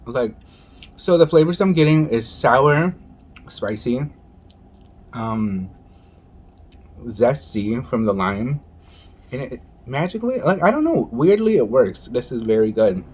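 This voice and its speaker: A man's voice: mid-range voice, big pitch swings, takes it slowly, pauses often, darkish tone, breathy edge. A man chatting casually while eating on camera and telling a story, with gushing exclamations and eating sounds. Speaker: mukbang vlogger.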